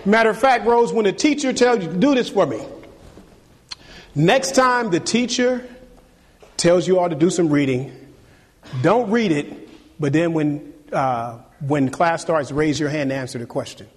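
A middle-aged man preaching a sermon as pastor, animated and teasing, calling on the congregation for amen. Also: a little high, a little slow, husky. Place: church sanctuary. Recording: long reverb of a hall.

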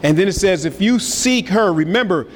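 A man preaching a sermon as pastor, energetic and swinging between loud and soft. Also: high-pitched, moderate pace, a little hiss or hum. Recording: hall reverb with faint ambience.

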